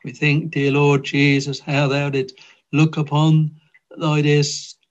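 A man's voice: on the high side, little pitch movement, takes it slowly. A man leading a congregation in a long extemporaneous prayer, fervent and old-fashioned in his phrasing. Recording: dull lo-fi old recording.

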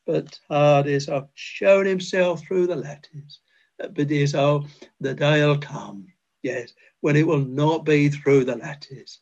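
A man's voice: on the high side, takes it slowly, gravelly, a little mellow. An older man preaching a fervent, tender chapel sermon, quoting scripture and hymn verses. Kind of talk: old-fashioned chapel sermon. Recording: dull lo-fi recording.

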